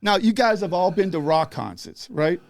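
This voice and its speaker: A man's voice: high-pitched, sing-song, normal speed, gravelly, dry recording. An older man from the northeastern US telling a story in casual chat, profane and laughing, acting out the people in it.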